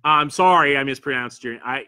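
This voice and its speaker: A man's voice: mid-range voice, moderate pace, pushed and bright, clear, resonant tone. A man from Pennsylvania with a Pennsylvania accent, hosting a convention livestream alone and chatting loosely as he reads viewer comments, rambling and self-deprecating with lots of fillers and restarts. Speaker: convention podcast host. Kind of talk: solo livestream chat reading viewer comments. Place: studio.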